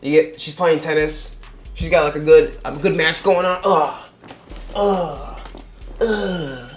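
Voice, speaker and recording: A man's voice: on the high side, little pitch movement, moderate pace, roomy sound. A man giving a casual, rambling film review, swearing freely and acting out the characters' lines in mock voices. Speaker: movie reviewer.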